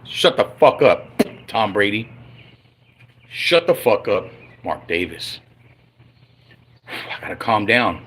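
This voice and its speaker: A man ranting on a livestream about his football team, profane and heated, swinging between loud outbursts and low grumbling. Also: very animated, slow, long pauses, breathy edge. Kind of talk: angry unscripted livestream rant.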